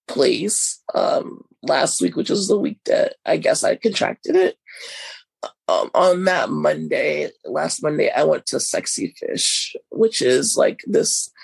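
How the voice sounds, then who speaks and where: A podcast co-host woman tells a rambling, chatty story while sick with covid. Her voice is heavily gravelly and husky, recorded close and dry with no room sound. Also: low-pitched, darkish tone, dry recording, low-quality recording. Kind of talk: casual chat.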